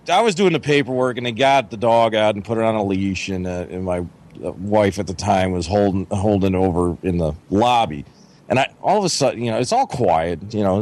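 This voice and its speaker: Middle aged dude rambling a cussy story on a podcast, lots of you knows. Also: male voice, lowish voice. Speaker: podcast co-host. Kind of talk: casual chat.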